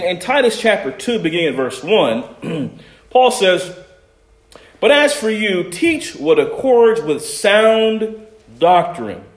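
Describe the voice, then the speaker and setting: A man preaching a sermon as pastor, with loud stressed words and quiet asides. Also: a little high, echoey room.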